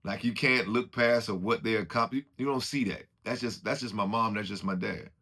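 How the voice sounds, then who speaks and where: A man's voice: on the low side, a little fast, bright, forceful tone. A man giving an informal, preachy motivational talk, acting out what other people say as he goes. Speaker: motivational speaker.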